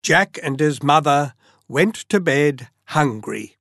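A storyteller reading a children's tale aloud, slow and expressive with dramatic pauses. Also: medium pitch, noisy background.

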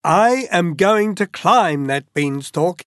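A storyteller voicing an eager young boy hero from a storybook, bold and lively. The voice jumps around with energy. The sound is close and dry. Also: medium pitch, slow pace, no room sound. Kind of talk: storybook reading.

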